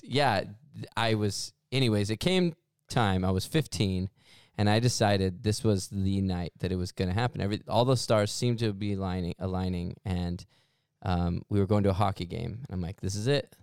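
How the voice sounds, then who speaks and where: A man's voice: on the low side, normal speed, few pauses, darkish tone, smooth, dry recording, studio quality. A young man, a podcast co-host, telling a rambling, self-deprecating story in casual chat and laughing often.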